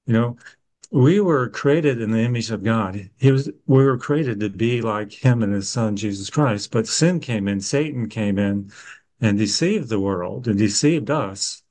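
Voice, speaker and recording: Man reading bible verses and explaining them, steady and calm about it. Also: lowish voice, unhurried, low-quality recording. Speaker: co-host of a Bible discussion. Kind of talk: conversational Bible study.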